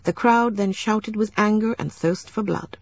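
A woman narrates a novel for an audiobook, steady and measured in her storytelling. Her medium-pitched voice is slightly rough, and the dull lo-fi recording has no echo.

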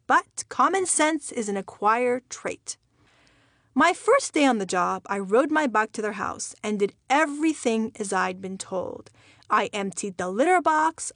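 A woman's voice: on the high side, dry recording. A woman from Iran reading her own memoir aloud with a wry, dry humor. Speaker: memoir narrator. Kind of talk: audiobook memoir narration.

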